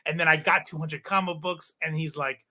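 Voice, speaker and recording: Guy in his 30s telling a story, bright voice, lots of swearing and acted-out quotes. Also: fairly high pitch, brisk. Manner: animated, swearing, acts out quoted dialogue. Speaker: podcast guest. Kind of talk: casual storytelling chat.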